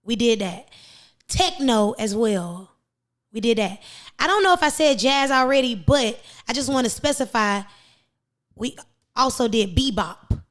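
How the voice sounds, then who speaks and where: An American woman hosting a podcast, talking in an animated, emphatic, preachy casual chat. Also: fairly high pitch, measured pace. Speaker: podcast host.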